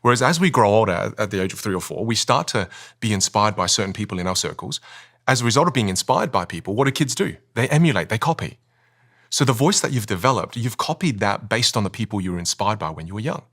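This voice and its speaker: A man talks as a voice coach on a podcast, and his pitch swoops up and down as he makes his points. He speaks with energy and stress on key words, and he keeps asking rhetorical questions. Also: animated, quick pace, a bit bright. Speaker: communication and voice coach, podcast guest. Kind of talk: animated explaining in a podcast interview.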